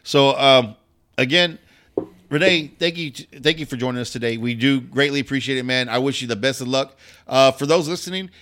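A man hosts a relaxed podcast chat with a bright, forward voice. He aims for careful enunciation, but his words slur slightly as he keeps talking. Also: mid-range voice. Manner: slurs words slightly, measured stage enunciation. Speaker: podcast host.

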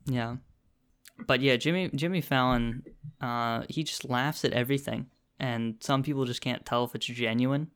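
A man's voice: medium pitch, normal speed, a bit bright, smooth. A young man co-hosting a podcast in casual chat, laughing often as he tells stories. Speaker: podcast co-host.

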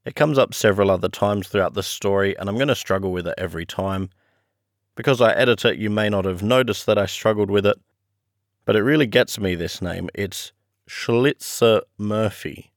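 A man narrating a classic story as an audiobook podcast host, measured and friendly. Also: lowish voice, no room sound, clean studio sound.

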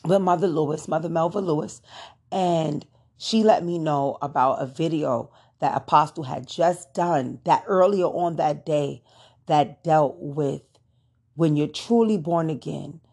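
A young adult woman talks straight to her listeners in an easy, chatty way, calling them y'all and filling her sentences with "you know" and "you know what I'm saying." Her voice sits low and has a soft, husky grain. She tells a personal faith story as the host of her own show. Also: a little slow. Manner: conversational, addresses listeners as y'all, many fillers. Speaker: podcast host. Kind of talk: casual testimony to listeners.

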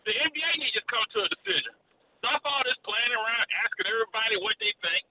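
A man's voice: very high voice, lively intonation, fast, recorded from a distance. A man calling into a sports talk show, talking in an emphatic, fired-up way. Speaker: caller. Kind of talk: casual sports talk call-in. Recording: muffled phone line with faint hiss.

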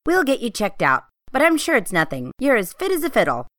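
A woman playing a kind female nurse who speaks gently and reassuringly in a scripted lesson dialogue. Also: a little high, wildly swooping pitch, fairly quick, no room sound, clean studio sound.

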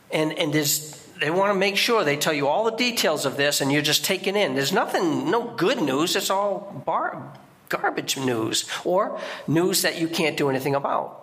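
A man's voice: fairly high pitch, sharp tone. A middle-aged man giving a guest sermon in a church, preaching conversationally with restarts and sudden emphatic outbursts.

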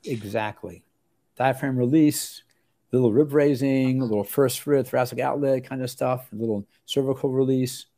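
An older male doctor recalling his training in a relaxed interview. His voice is warm and mellow, and he rambles, restarting sentences and slipping into quoted voices. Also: medium pitch, normal speed. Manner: rambling, with many restarts and lively acted quotes. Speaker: osteopathic family physician, interview guest.

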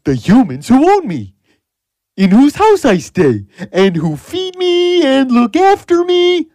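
A gentle, lonely male pet dog from a children's story, played by a woman. He speaks slowly, and his pitch climbs and dips in wide swoops. The recording is dry and close. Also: huge pitch swings, no room sound, heavily acted. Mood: friendly.

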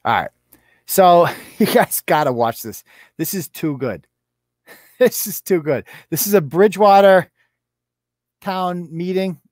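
A man's voice: sits high, expressive, measured pace, long pauses, dry recording, clean studio sound. A man hosting a casual commentary stream, sarcastic and mocking, often laughing. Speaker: show host. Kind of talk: casual commentary over clips. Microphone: computer mic.

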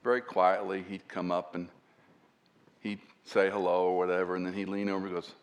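A man preaching a sermon as a pastor and Bible teacher, earnest and often dropping to a soft, hushed voice to stress a point. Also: low voice, level tone, brisk.

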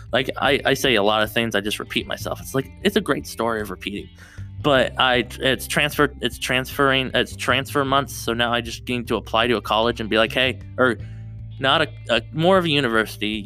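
A young man talks into a close podcast mic in a bright, forceful voice, rambling and breaking off mid-sentence to start again. Soft guitar music plays faintly underneath. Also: mid-range voice. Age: young adult. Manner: rambling, self-interrupting, restarts often. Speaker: podcast host. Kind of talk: solo podcast chat.

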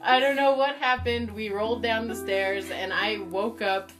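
Young female co-host, casual, foul-mouthed storyteller, loud guitar music behind her. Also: on the high side, steady tone, moderate pace. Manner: swears a lot, laughs through the story. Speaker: podcast co-host.

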